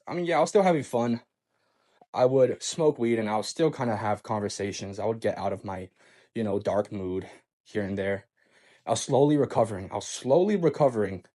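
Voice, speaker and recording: A man's voice: mid-range voice, darkish tone. A man telling a painful personal story in a casual monologue, often stammering, restarting words and sighing, with a subdued delivery. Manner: hesitant, stammering restarts and sighs.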